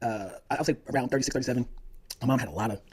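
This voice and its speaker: A man's voice: mid-range voice, rapid-fire, darkish tone, breathy edge. A man co-hosting a casual podcast, chatty and loose, often chiming in with agreement. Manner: chatty, loose, lots of back-channel agreement. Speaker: podcast co-host. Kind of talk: casual chat.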